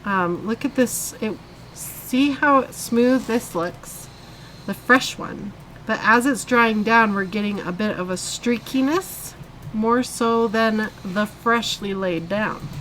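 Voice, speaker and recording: A woman's voice: on the high side, slow pace, a bit bright, slight background noise, poor audio. A woman hosting a live coloring tutorial, chatting casually as she demonstrates step by step. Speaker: host of a live coloring stream.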